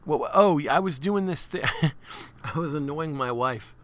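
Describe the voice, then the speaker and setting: A man's voice: fairly high pitch, measured pace, a bit bright. A young man co-hosting a podcast in a rambling, jokey casual chat, laughing often. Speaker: podcast co-host.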